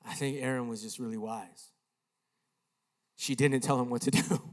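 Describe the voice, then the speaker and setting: In a church sanctuary, a male pastor tells a story during his sermon, animatedly voicing its characters. His mid-range voice moves at a moderate pace with long pauses.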